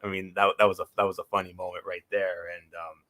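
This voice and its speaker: A man's voice: sits low, flat delivery, quick pace, sharp tone. A man hosting a casual wrestling talk show, rambling through memories with many fillers and restarts. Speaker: podcast host.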